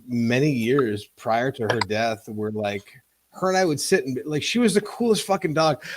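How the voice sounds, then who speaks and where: A man co-hosting a casual podcast chat, telling stories in a halting, profane way. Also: mid-range voice. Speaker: podcast co-host.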